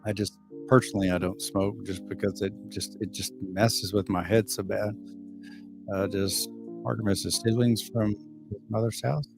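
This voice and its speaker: A middle-aged man, hoarse and losing his voice. He chats casually on a livestream and reads viewer comments, rambling, swearing freely, and stumbling over repeated words. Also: fairly low pitch, mellow. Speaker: livestream host.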